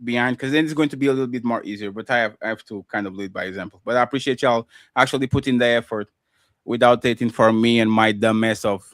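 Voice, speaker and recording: A man on a livestream call speaks at an ordinary pitch, rambling and restarting as he praises the others. His casual talk is sprinkled with swearing. The mic sound is dry and close. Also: steady tone, fast, dry recording.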